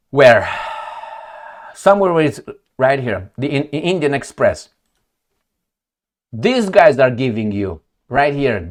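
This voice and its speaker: Sarcastic, animated male commentator. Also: on the high side. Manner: sarcastic, animated, swears, talks to viewers as friends. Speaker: political commentator. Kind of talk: casual commentary reading articles on screen.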